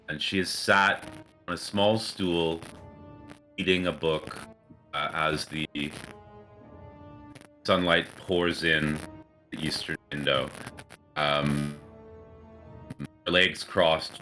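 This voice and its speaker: Deep, slow-talking game master. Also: male voice, pushed and bright, low-quality recording. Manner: unhurried, descriptive, with fillers. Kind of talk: narrating a tabletop game.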